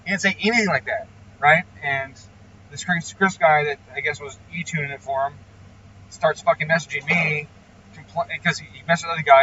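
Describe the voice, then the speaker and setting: Blunt, profane man ranting, bright voice. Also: a little high, steady tone, brisk, recorded from a distance, highs cut off, slight background noise. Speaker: engine tuner. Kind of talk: casual explanatory vlog talk.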